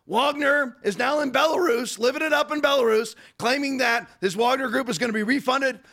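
A man hosting a podcast, giving fast, digressive political commentary full of rhetorical questions. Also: extremely high pitch, pushed and bright. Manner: rapid, digressive, rhetorical ranting. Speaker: podcast host.

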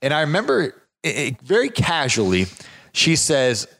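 A man's voice: fairly high pitch, moderate pace, gravelly. A man who runs a property management business, telling a long, rambling anecdote in a casual conversation. He strings it out with fillers and restarts, and his voice jumps up when he quotes other people. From southeastern United States. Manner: animated when quoting others.

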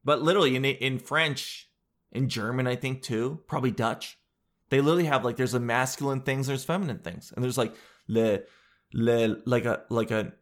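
A young man, vlogging in a joking, rambling monologue full of loose asides. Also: mid-range voice. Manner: joking, self-deprecating, meandering with loose asides.

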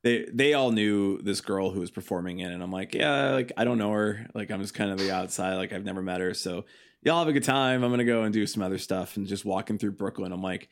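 This young guy from suburban Chicago talks fast in a fairly low voice. He's a band guest on a podcast, wandering through the conversation with "like" everywhere and performing the lines he quotes.

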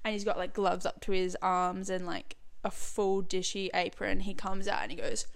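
A young woman, a podcast guest, telling animated stories in casual chat and swearing freely. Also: mid-range voice, moderate pace.

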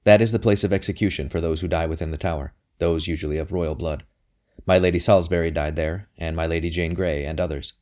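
Wry, gentle priest in a period audiobook, very deep voice, read by a man. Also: fairly even intonation, fast, lightly acted. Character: calm, wry Elizabethan male priest in disguise.

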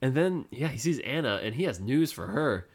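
Lively, laughing man in a podcast recap. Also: medium pitch, normal speed. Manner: laughs often, animated reactions. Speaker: podcast co-host. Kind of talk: casual recap chat.

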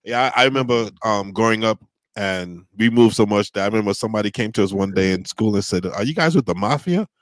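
A man's voice: fairly low pitch, quick pace, no room sound. A man in his forties with a New York accent, hosting a podcast in casual chat and animatedly acting out the voices in his stories. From grew up in New York. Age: 40s. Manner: animated storyteller, acts out quoted voices. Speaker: podcast host.

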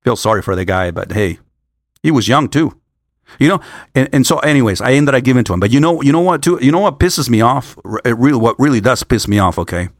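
A man's voice: medium pitch, lively intonation, quick pace, no room sound, studio quality. An older man on a work trip, talking in a casual, rambling monologue, stumbling over restarts and swearing freely.

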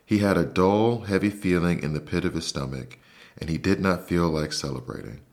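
A man hosting a bedtime story podcast, reading a children's book aloud in a soft, slow, soothing way. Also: sits low. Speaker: podcast host and narrator. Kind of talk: calm bedtime story narration.

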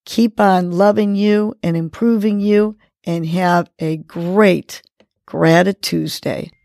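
A woman hosting a morning segment, calmly guiding listeners through breathing and affirmations and repeating each cue gently. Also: fairly low pitch, slow pace, creaky, no room sound. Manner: calm, instructive, repeats cues gently. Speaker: host of a morning motivation segment.

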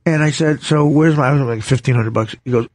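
A male comedian telling a stage story in casual chat, animated and shouting his punchlines. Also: mid-range voice, fast, no room sound.

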